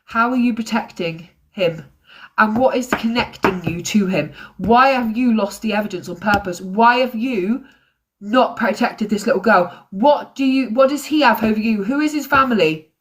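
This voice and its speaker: A woman's voice: a little high, normal speed, a little hiss or hum. A woman hosting a true crime livestream, talking in an angry, ranting way. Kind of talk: live-stream commentary.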